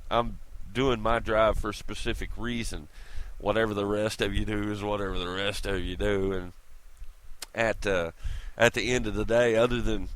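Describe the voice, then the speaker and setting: Bright-voiced man in a profane rant. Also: fairly low pitch, poor audio. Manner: blunt, profane, mocking, street slang. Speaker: vlogger. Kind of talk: angry profane rant to camera.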